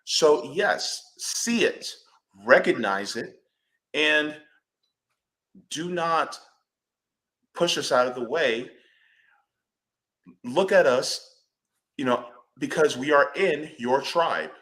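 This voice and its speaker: A man's voice: on the high side, lively intonation, slow pace, pauses often, a bit bright. A man speaking on a panel discussion, emphatic and blunt, swearing freely when he gets fired up.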